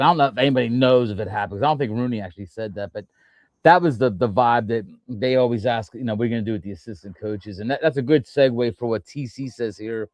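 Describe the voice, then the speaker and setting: A man's voice: medium pitch, a little mellow, no room sound. A man hosting a casual sports talk show, rambling through his points with frequent restarts and fillers. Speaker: podcast host.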